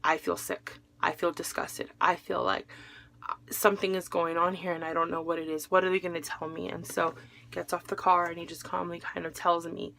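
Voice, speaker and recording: A woman's voice: lowish voice, level tone, a little fast, creaky, bright, forceful tone, slight background noise. A young adult woman recounting a painful day in a personal vlog, emotional as she relives events and quotes the people she spoke with. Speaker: widow telling her story.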